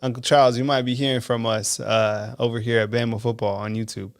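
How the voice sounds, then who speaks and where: A man's voice: medium pitch, flat delivery, a little fast, no echo. A man hosting a sports call-in show, chatting in a laid-back way with lots of fillers. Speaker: show host. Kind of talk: casual hosting chat.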